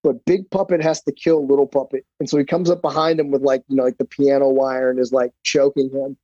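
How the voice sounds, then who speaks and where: A middle-aged man, a guest on a podcast, telling stories in a blunt, profane, animated way. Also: medium pitch, fairly quick, no echo. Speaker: podcast guest, black belt instructor. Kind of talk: casual storytelling interview. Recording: dull, dry podcast audio.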